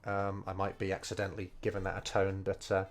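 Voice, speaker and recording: A man with a low, monotone voice thinks aloud casually while studying Mandarin over gameplay. He's a streamer learning the language, speaking slowly and unhurriedly, hesitant and full of fillers, with faint game music behind him.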